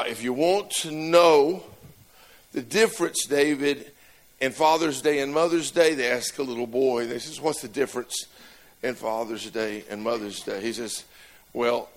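A man preaching a sermon in church, telling jokes and stories with self-deprecating humor. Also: mid-range voice. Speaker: pastor.

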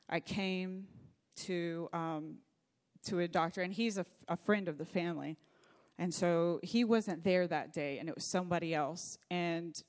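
A woman's voice: on the low side, darkish tone. A middle-aged woman pastor preaching a sermon, telling a personal story in an earnest, faith-focused way.

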